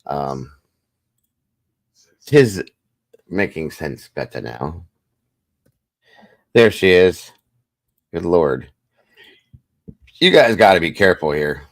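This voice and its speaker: A man's voice: sits low, takes it slowly, pauses often, dry recording. A man hosting a casual livestream, chatty and rambling, greeting and thanking viewers by name. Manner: relaxed, rambling, reads chat aloud. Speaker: livestream host.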